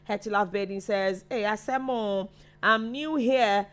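A woman's voice: mid-range voice, unhurried, clean tone. A Ghanaian woman co-hosting a live online chat show, chatting as she reads out viewer names and messages. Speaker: co-host reading viewer comments.

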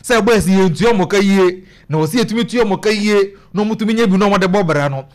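A man's voice: high-pitched, fast. A man hosting a casual talk show, emphatic and directing his producer to play clips. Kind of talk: casual radio-style chat.

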